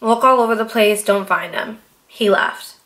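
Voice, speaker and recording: A Boston vlogger in her late twenties tells a story in a casual, animated way, swearing freely and acting out what people said. Her voice is mid-range and her speed normal.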